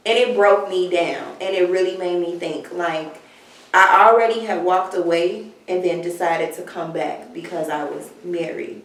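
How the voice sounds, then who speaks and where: A woman's voice: on the low side, normal speed. A woman speaking candidly in a casual chat, telling an earnest personal story as a guest. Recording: echoey room, distant mic.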